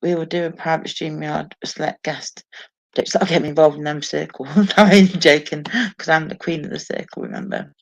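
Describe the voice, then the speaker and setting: Speaking briskly in a low voice with vocal fry, a woman sits alone at home hosting a laid-back live stream. She reads viewers' comments, laughing and cursing freely, all in dull lo-fi sound.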